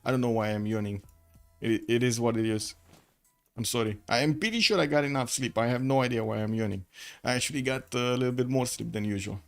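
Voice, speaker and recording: A man's voice: mid-range voice, fast talker, soft background music. Man casting a strategy game. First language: Romanian. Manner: chatty, thinks aloud with many fillers. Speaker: esports caster. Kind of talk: live game commentary. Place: home room with the window shut.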